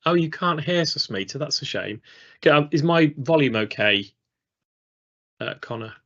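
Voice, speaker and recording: A man's voice: on the high side, expressive, normal speed, fairly bright tone. A man from England co-hosting a live training stream, chatting casually and rambling off track on a video call. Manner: rambling, chatty, self-deprecating. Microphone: studio mic on a video call. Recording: slightly dull lo-fi stream audio.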